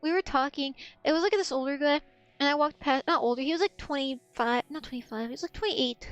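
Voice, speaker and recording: High-voiced rambling young woman streamer. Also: fast talker, no room sound. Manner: rambling, profane, loses her train of thought; laughs often. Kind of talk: casual chat stream.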